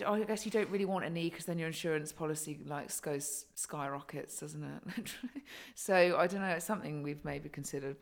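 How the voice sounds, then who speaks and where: A woman's voice: low-pitched, creaky. A woman co-hosting a podcast in casual chat, chatty and sweary, with lots of ums and likes. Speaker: podcast co-host.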